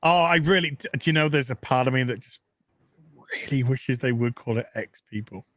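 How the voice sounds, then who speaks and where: A man's voice: mid-range voice, fairly quick, fairly bright tone, no room sound. A man joining a live stream as a guest, bantering playfully and joking about comics and food. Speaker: guest co-host. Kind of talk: casual chat on a live stream.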